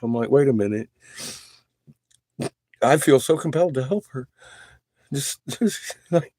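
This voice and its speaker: A man's voice: on the high side, warm tone, no echo, clean studio sound. A man on a casual, profane rant who swears constantly, laughs often and coughs between remarks. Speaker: livestreamer.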